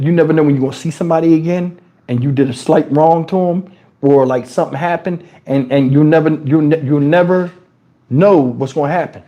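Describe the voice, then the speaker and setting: A man from New Jersey telling casual stories on his livestream in crude street slang, animated and jumping into high, shouted tones as he retells them. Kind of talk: casual storytelling. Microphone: wireless lapel mic.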